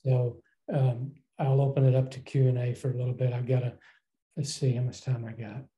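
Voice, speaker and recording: A man giving a slow, emphatic motivational talk on a video call, his voice hoarse and fading. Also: medium pitch, flat delivery, warm tone, muffled recording. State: losing his voice. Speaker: team leader speaker.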